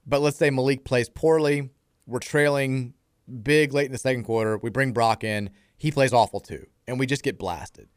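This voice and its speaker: A man's voice: mid-range voice, steady tone, moderate pace, clear, resonant tone, dry recording, studio quality. A man hosting a sports talk radio show, laying out scenarios and poking fun at himself. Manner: self-deprecating, analytical. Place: radio studio. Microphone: studio microphone.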